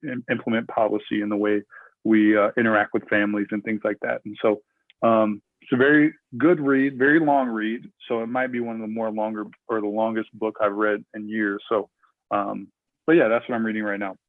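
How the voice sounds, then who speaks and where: A man's voice: lowish voice, flat delivery, a little fast, dry recording. A man from Minnesota, a podcast guest, chatting casually and rambling with lots of fillers and restarts. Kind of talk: casual interview chat. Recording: tinny phone-like remote line.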